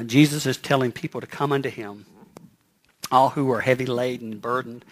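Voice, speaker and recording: A male pastor preaching a sermon, animated, often dropping to a soft hush on key phrases and repeating words as he builds a point. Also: mid-range voice. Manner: lively preaching, acts out quoted voices.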